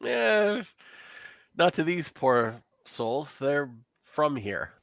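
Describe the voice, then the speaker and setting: A man's voice: fairly high pitch, big pitch swings, drawn-out words, gravelly, a bit bright, dry recording, heavily acted. A man voicing a cryptic talking cat. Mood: solemn. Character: cryptic talking cat guide in a dream world.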